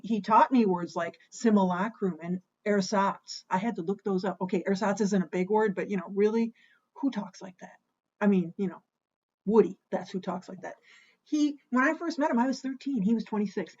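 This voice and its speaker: A woman's voice: mid-range voice, a little mellow. A middle-aged woman hosting her own home cocktail show, rambling and self-deprecating as she tells stories between steps. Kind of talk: casual chatty cocktail vlog. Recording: slightly dull lo-fi home recording.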